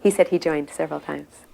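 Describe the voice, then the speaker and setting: A woman devotee recounting memories in relaxed, meandering anecdotes. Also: low voice, creaky.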